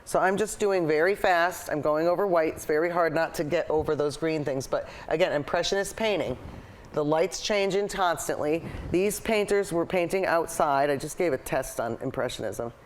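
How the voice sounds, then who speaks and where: A woman's voice: low voice, normal speed, slight background noise. Chatty woman teaching a painting demo. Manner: chatty, enthusiastic, thinks aloud while painting. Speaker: painting show host and art teacher. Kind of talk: live painting demonstration.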